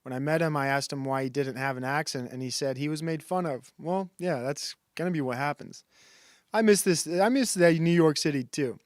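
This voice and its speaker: A man's voice: fairly high pitch, a little fast, no echo, studio quality. A man streaming a casual monologue who rambles and halts, with many fillers and restarts.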